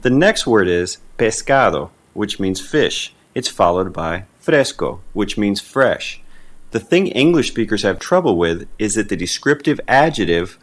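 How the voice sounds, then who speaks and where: A man teaching a beginner Spanish lesson in a friendly, patient way, slowing down for example phrases. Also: lowish voice, very animated.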